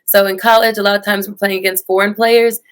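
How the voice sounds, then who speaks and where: A woman in her thirties with a Houston accent, a high school tennis coach answering interview questions earnestly, with many "you know"s and "um"s. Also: level tone, fast talker, smooth.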